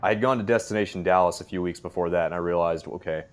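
A man's voice: deep voice, fast, clear, resonant tone. A young man hosting an interview, asking questions in an eager, fan-like way. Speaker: podcast host, interviewer.

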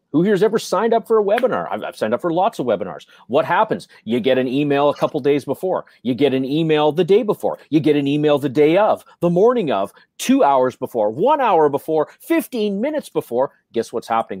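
A man's voice: fairly high pitch, big pitch swings, a little fast, few pauses, a little mellow, no room sound. A man co-hosting a business chat, emphatic and motivational, asking rhetorical questions and often tagging on "right?". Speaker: podcast co-host.

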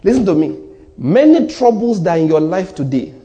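Nigerian male pastor, fairly high, animated delivery, hammers points by repetition. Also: a little fast. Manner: emphatic preaching, repeats key lines, drops to near-whispers. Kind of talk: sermon.

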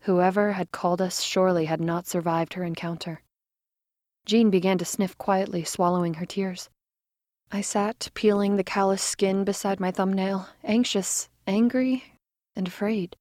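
A woman narrating a first-person story with dramatic, expressive delivery, dropping to a whisper in tense moments. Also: medium pitch, normal speed, no echo, clean studio sound.

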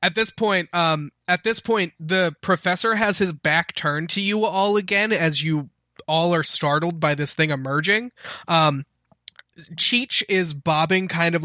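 A man's voice: fairly high pitch, bright, forceful tone, dry recording, clean studio sound. A man narrating a tabletop game as game master, speaking loosely with lots of fillers.

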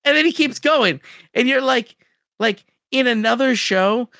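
A podcast co-host in casual chat, recapping a story in an animated way with lots of "like". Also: medium pitch, normal speed, vocal fry, no echo, clean studio sound.

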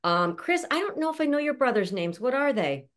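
Introducing guests on an online panel over a video call, this woman host sounds chatty and affectionate and laughs a lot. Her voice is high and sing-song, a little fast and somewhat bright.

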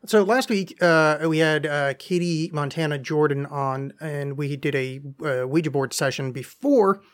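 A man's voice: a little high, measured pace. A man hosting a casual solo podcast, reading aloud in a rambling, self-mocking way with frequent swearing. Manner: rambling, self-deprecating, profane. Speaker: podcast host.

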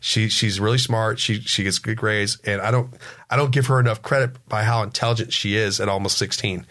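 A man's voice: fairly low pitch, steady tone, fairly bright tone. A man in his forties telling family stories in a casual chat. He rambles, restarts his sentences, and acts out what his family members said. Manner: rambling, halting storyteller who restarts sentences.

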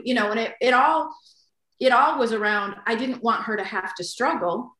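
A middle-aged woman chats as a podcast co-host, earnest and emphatic as she makes her points. Her voice sits fairly high. It carries the echo of the room around her. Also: normal speed, pushed and bright. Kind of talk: casual chat. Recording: echoey room.

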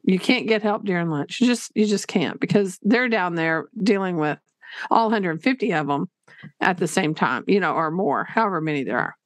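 A woman's voice: lowish voice, animated, moderate pace, no room sound, clean studio sound. A woman co-hosting a teaching podcast, telling a personal story in an earnest, casual way with many restarts.

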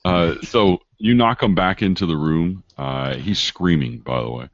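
A man running a tabletop game as game master, narrating haltingly and searching for words with many fillers. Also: low voice, dry recording. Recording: dull dry lo-fi recording.

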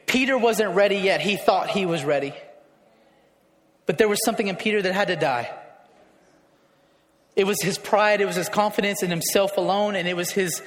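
Male pastor, high voice, impassioned sermon delivery, roomy hall reverb. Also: normal speed, long pauses. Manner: emotional, building to shouts. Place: church hall. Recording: echoey hall.

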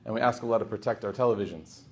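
A man's voice: on the low side, very fast. A man giving a humorous storytelling sermon as a religious teacher, acting out the people in his story. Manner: animated, humorous, acts out quoted voices.

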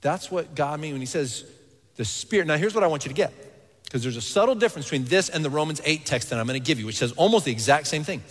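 A man's voice: on the high side, fast talker. Man preaching with hall reverb. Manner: earnest, animated preaching, dropping to quiet intensity. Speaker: pastor. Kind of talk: sermon.

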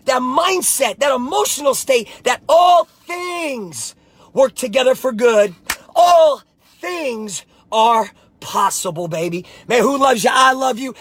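A man, a life coach, giving a fervent motivational pep talk to camera, often shouting, repeating slogans and calling the listener baby. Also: extremely high pitch, breathy edge.

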